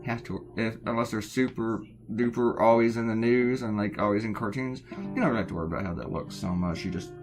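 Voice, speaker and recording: A man's voice: on the low side, fairly even intonation, fast, soft background music. A middle-aged American man chatting casually while he draws a cartoon, rambling with sarcastic asides. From United States. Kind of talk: casual chat while drawing.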